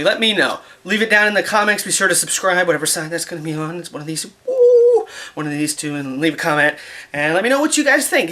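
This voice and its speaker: Man, casual vlogger, rambling, jokey, self-mocking, bright tone. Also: on the high side. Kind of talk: casual rambling vlog talk.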